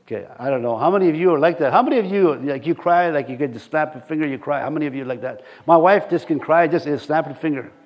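A middle-aged man preaching a sermon in a halting, folksy way, full of fillers and restarts, with chuckling asides. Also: on the high side. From reservation community. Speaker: pastor.

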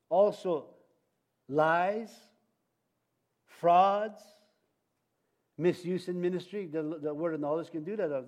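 A male preacher giving a sermon, halting and restarting often, with light jokes. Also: high voice, a little mellow.

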